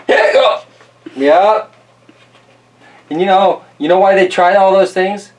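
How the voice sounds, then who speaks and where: A man's voice: sits high, fairly even intonation, measured pace, a little mellow, distant mic, a little hiss or hum. A man hosting a casual picture-book read-aloud, chatty and laughing often, with jokey asides to the audience. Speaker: storyteller host.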